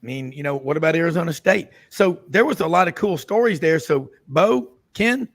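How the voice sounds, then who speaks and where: Gravelly, higher-voiced man hosting sports radio. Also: expressive, brisk. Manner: rambling, jokey storyteller. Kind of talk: casual radio roundtable chat.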